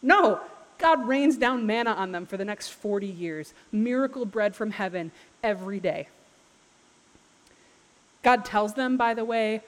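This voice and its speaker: A woman preaching a sermon, retelling scripture in a casual, lively storytelling manner with playful asides. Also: medium pitch, a little slow, long pauses. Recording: long hall reverb.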